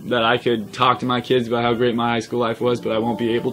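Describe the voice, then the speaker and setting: A young man in a personal vlog to his followers, earnest and choked up, pausing often with "um". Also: mid-range voice, monotone, music in the background. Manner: earnest, emotional, many pauses and "um"s. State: choked up, near tears. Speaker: social media creator. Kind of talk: personal vlog talking to camera.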